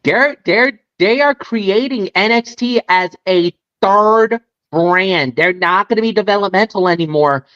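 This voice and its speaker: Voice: medium pitch, measured pace, fairly bright tone. A wrestling podcast co-host talking animatedly, repeating words and breaking into exclamations. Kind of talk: casual recap chat. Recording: dull lo-fi audio.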